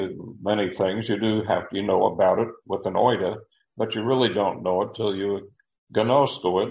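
Low male Bible teacher, deliberate and halting, in a roomy, muffled recording. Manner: deliberate, with frequent fillers and repeated words.

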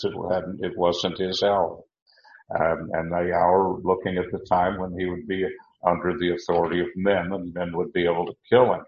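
Deep-voiced man teaching a sermon. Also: echoey room, lo-fi sound. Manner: halting, many restarts and fillers, slows to stress key words. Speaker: Bible teacher. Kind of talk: verse-by-verse sermon.

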